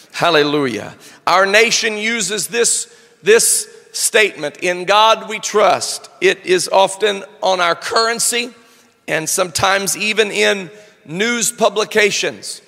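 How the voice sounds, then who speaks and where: A man delivers a sermon in a high, bright, forceful voice with a gravelly edge. He speaks slowly and deliberately and rises into shouted declarations. The sound carries a long reverb like a large hall. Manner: slow, deliberate preaching that builds to shouting. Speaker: preacher.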